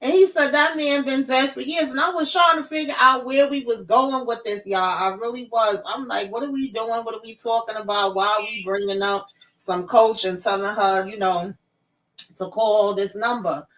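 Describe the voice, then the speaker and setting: A woman hosting a live reaction show, retelling a TV episode in an animated, profane, casual way. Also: a little high, moderate pace, distant mic, low-quality recording. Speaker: host.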